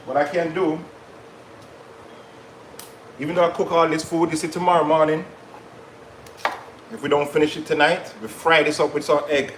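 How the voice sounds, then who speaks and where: Man, live cooking host, fairly high voice, echoey kitchen, chatty asides. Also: flat delivery, normal speed, pauses often, fairly bright tone, slight background noise. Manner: chatty, patois-tinged asides to viewers. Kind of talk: live cooking stream chat.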